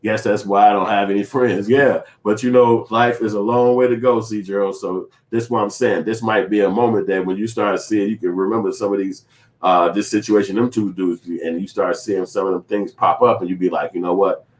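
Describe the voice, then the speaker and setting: A man with a lowish voice delivers a loose commentary vlog. His talk rambles and is heavily profane, broken up by acted-out snippets of imagined conversations. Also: steady tone, brisk. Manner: profane, rambling, acts out quotes. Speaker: filmmaker and vlogger.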